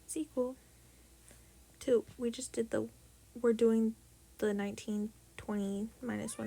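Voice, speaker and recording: With a fairly high, unhurried voice that is gravelly and mellow, plus a faint hiss or hum, a young woman tutors math informally over a tablet screen. She chats, curses, and lowers to a whisper while calculating.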